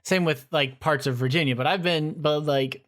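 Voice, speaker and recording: A man's voice: on the high side, moderate pace, fairly bright tone. A man co-hosting a podcast in casual chat, musing and hedging as he thinks aloud. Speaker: podcast co-host.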